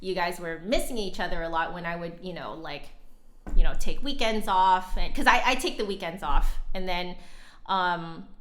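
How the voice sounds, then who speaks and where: Speaking at a moderate pace in a lowish, fairly bright voice, the young flutist giggles her way through casual talk with viewers. She's a bit out of breath and reads the chat out loud.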